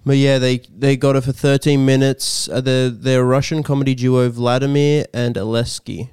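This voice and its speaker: A man's voice: medium pitch, level tone, normal speed, a little mellow, smooth, dry recording, studio quality. A man, the podcast's producer, bringing up a news story in casual chat and tripping over names. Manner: presents a news item, stumbling over names.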